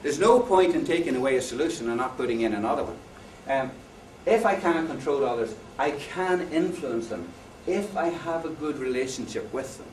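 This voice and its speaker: A man with a mid-range, slightly mellow voice speaks expressively and fairly quickly, hardly pausing, as he gives a conference lecture on education. Jokey and anecdotal, he asks his listeners questions. The hall is echoey, the mic far away, and there's faint noise.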